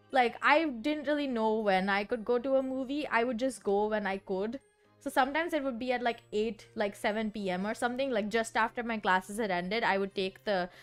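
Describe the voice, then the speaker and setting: A young woman chats on her stream in a loose, rambling way, full of fillers and restarts. Her voice sits a little high for a woman. Faint music plays quietly behind her. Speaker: VTuber streamer. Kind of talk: casual chat.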